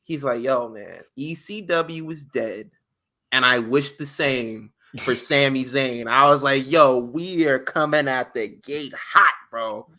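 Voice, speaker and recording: A bright, forward-voiced man chatting on a podcast. He tells stories in animated bursts and slips into slangy acted-out quotes. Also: mid-range voice, takes it slowly. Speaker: podcast co-host. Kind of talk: casual chat.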